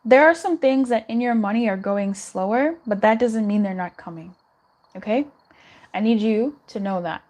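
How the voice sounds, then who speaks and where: A woman's voice: mid-range voice, normal speed, darkish tone. A young woman doing a live tarot reading in a chatty, reassuring way, giggling and swearing now and then. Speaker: tarot reader.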